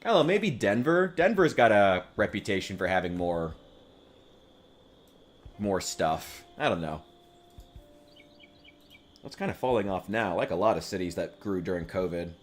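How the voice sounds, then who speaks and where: Low-voiced rambling American man streaming. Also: expressive, moderate pace, pauses often, a little hiss or hum. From United States. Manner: rambling, profane, wry. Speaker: game streamer. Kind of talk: casual gaming stream chat.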